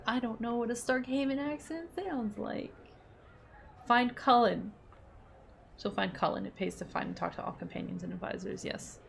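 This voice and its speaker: A woman's voice: on the high side, moderate pace, creaky, slight background noise. A young woman streaming a game, chatting casually and reading in-game text aloud with self-mocking asides and swearing.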